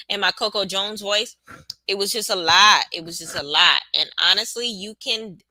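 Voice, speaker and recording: Hosting a live reaction stream, she answers her chat in a casual, sassy way, her voice very bright and forward at a medium pitch and normal speed. The audio is dry and close to the mic, with no echo.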